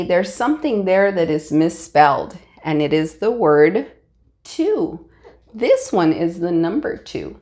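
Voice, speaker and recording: A woman's voice: on the low side, a little mellow. A woman teaching a lesson, explaining patiently step by step. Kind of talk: classroom lesson.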